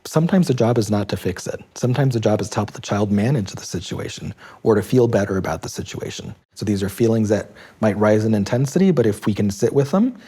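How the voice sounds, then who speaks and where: Man, low mellow voice, slightly husky, calm measured explanation, interview. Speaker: child mental health expert.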